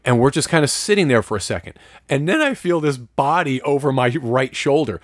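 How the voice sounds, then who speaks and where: A man co-hosting a podcast, telling a story in casual chat with lots of swearing and excitement. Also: mid-range voice, fairly quick, no echo, clean studio sound.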